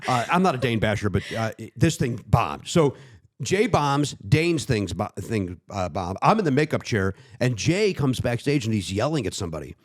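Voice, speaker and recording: Lively, animated middle-aged male comedian. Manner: animated, does quick impressions in a high voice. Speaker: comedian guest. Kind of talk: casual storytelling chat.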